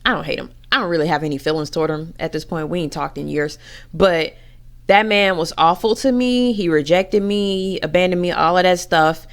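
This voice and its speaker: A woman's voice: on the low side, a little fast. A woman giving a candid personal rant to camera, blunt and profane as she talks frankly about her own family. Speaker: vlogger.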